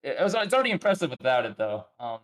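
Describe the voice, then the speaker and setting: A man's voice: medium pitch, sing-song, racing. A man co-hosting an interview who asks his questions in an enthusiastic, casual way and keeps calling things insane. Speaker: co-host interviewer.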